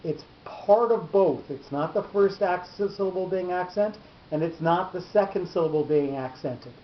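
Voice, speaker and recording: A man's voice: high voice, normal speed, slight background noise. A man teaching a class on Torah cantillation, explaining patiently step by step and restarting his sentences often. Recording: echoey lo-fi room recording.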